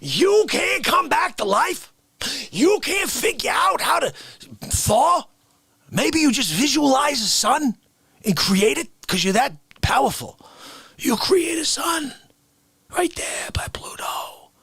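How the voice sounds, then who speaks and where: Man doing a fed-up old-school New Yorker in a comedy bit: bright, husky, lively rant, shouting then whispering. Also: very high voice, takes it slowly, no echo, pitched above the performer's own voice, full character voice. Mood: indignant rant. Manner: ranting, exasperated, jumps from shouts to hushed whispers. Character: indignant old-school Bronx man scolding about respect.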